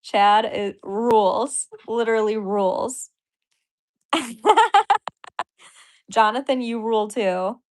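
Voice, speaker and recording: A woman's voice: mid-range voice, fairly even intonation, a little slow, few pauses, darkish tone. A woman comedian and podcaster chatting casually on a livestream, giddy and apologetic, gushing thanks to viewers and laughing often. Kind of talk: casual livestream chat reacting to donations.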